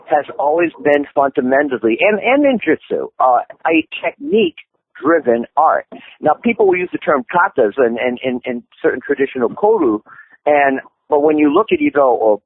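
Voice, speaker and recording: Man explaining over a tinny phone line. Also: mid-range voice. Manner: rambling with many restarts and fillers. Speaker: martial arts instructor guest. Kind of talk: explanatory interview talk.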